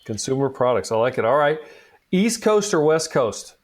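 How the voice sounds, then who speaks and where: A man hosting a podcast, chatting casually with a guest and joking lightly as he runs a quick game. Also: mid-range voice, very animated. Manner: friendly, joking, quick asides. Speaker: podcast host. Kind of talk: casual interview chat.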